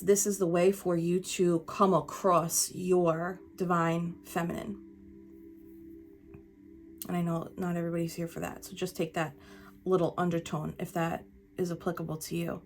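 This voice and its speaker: A woman's voice: lowish voice, a little hiss or hum. A woman giving a tarot reading in a casual, emphatic way, talking straight to the viewer and swearing now and then. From United States. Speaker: tarot reader.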